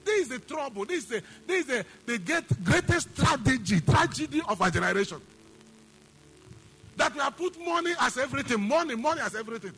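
A man's voice: extremely high pitch, sing-song, brisk, fairly bright tone, a little hiss or hum. A man preaching a sermon, emphatic, repeating phrases and asking the congregation questions. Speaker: pastor.

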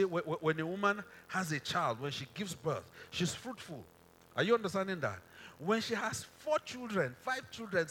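A man's voice: sits high, a bit bright, a little hiss or hum. A man preaching a sermon from a stage in a hall, often quizzing the crowd to finish verses and repeating phrases for emphasis.

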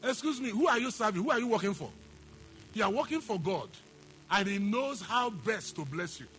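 A man's voice: high voice, lively intonation, normal speed, a bit bright, soft background music. A man preaching a sermon, emphatic, repeating phrases and asking the congregation questions. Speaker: pastor.

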